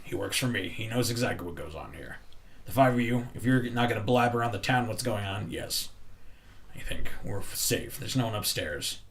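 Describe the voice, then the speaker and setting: A man's voice: lowish voice, moderate pace, vocal fry, a bit bright, a little hiss or hum. Man playing a bitter dwarf barkeep. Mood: guarded. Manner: bitter, growing heated. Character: gruff middle-aged male dwarf barkeep, angry rebel.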